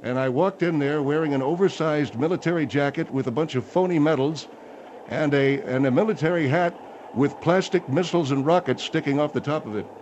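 A man's voice: fairly high pitch, fairly quick, a little mellow, lo-fi sound, slight background noise, close to an everyday voice. A man playing a blustery condescending general. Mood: boastful. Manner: bossy, stammering, condescending. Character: blustery retired male general, gruff and condescending. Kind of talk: comedy radio bit.

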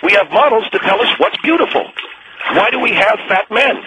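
Man voicing a conceited rich bather, quick and lively in pitch, dismissive, on a noisy talk-radio feed. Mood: condescending. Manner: arrogant, dismissive, petulant. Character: smug rich businessman in a bathtub. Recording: radio broadcast with background noise.

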